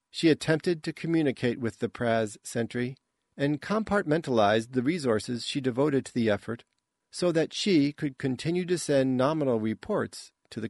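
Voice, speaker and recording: A man giving scripted audiobook narration in a measured, even tone. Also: medium pitch, creaky, no room sound, clean studio sound.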